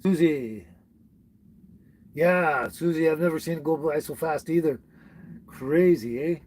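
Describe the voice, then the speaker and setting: Hosting a casual livestream from home, a man from British Columbia, Canada reads comments, greets viewers by name, chuckles often and trips over names. His voice is on the high side and a little mellow, his pace unhurried, with a bit of hiss or hum.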